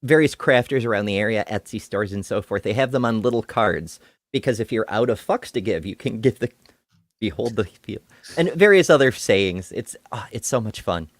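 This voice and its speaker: A man's voice: on the low side, lively intonation, a little fast, dry recording, clean studio sound. A man hosting a casual livestream chat, playful and chatty, with a habit of swearing. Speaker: host.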